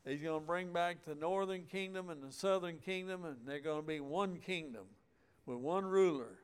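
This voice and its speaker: A man preaching a sermon, reading scripture aloud and explaining it in a folksy, deliberate way, stretching out words for emphasis. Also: a little high, clear, resonant tone.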